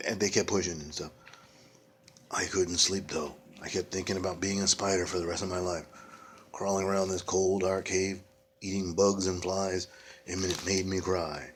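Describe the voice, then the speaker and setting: A man's voice: deep voice, level tone, normal speed. A man reading a children's ghost story aloud, adding playful casual asides. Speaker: reader of a children's book.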